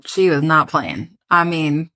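A woman's voice: low-pitched, expressive, slow pace, pushed and bright. A woman co-hosting a podcast, chatting casually and telling a history story, laughing often and joking about her pronunciation. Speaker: podcast co-host.

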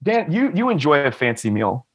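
On a podcast, a male guest tells rambling, comic stories, laughing often and swearing. His voice is a little high and very animated, at a normal speed, in a casual comedic storytelling style.

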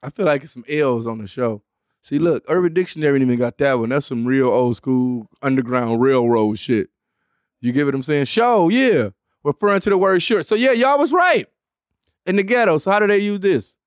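A man hosting a podcast in casual, animated comedic chat, laughing often and slipping into exaggerated voices when he quotes people. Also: on the high side, normal speed, no room sound, clean studio sound. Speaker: podcast host.

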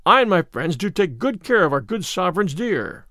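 A man voicing a loud blustering outlaw yeoman. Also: sits high, very animated, moderate pace, no room sound, clean studio sound, exaggerated voice. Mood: angry. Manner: loud, boastful, old-fashioned speech.

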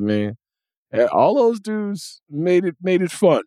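A man hosting a sports podcast, joking loudly and swinging between high exclaims and low grumbles. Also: very animated, takes it slowly, dry recording, studio quality. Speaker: podcast host. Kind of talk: animated sports talk. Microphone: studio mic, dry close sound.

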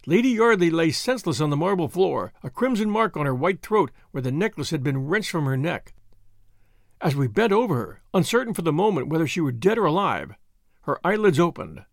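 Male narrator, expressive, measured, lively pitch, dry close sound. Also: vocal fry, dry recording. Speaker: audiobook narrator. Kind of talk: scripted narration.

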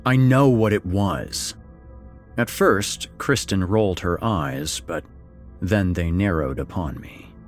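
A middle-aged man narrating a first-person story, expressive and wry, voicing the dialogue. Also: deep voice, takes it slowly. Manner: expressive, swings between wry and somber. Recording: faint background music.

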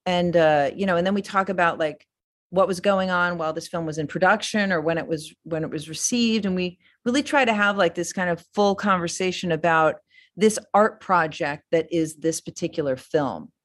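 A woman's voice: fairly low pitch, moderate pace. A middle-aged woman guest in a casual interview, rambling enthusiastically with many fillers and restarts. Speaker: filmmaker guest.

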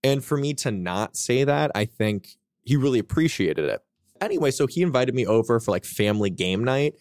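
A man's voice: medium pitch, lively intonation, a little fast, darkish tone, clean tone, no echo, clean studio sound. A man in his twenties telling candid, profane stories as a guest author on a casual podcast.

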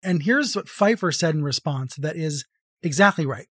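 A man who is an author and journalist, explaining in a measured, clear way as a podcast guest. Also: a little high, animated, fairly bright tone, no echo, studio quality. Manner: measured, explanatory, reads quotes aloud. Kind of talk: conversational interview.

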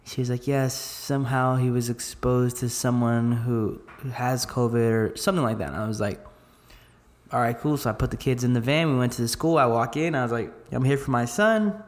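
A man's voice: medium pitch, fairly even intonation, fairly quick, few pauses. Man, podcast co-host, casual, joking, rambling, profane, mid-range voice. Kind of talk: casual chat.

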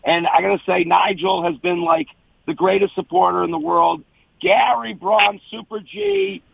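A man's voice: high-pitched, big pitch swings, normal speed, vocal fry, breathy edge, no echo, phone-quality sound. A male comedian guest in casual chat, talking in an earnest, emotional, rambling way.

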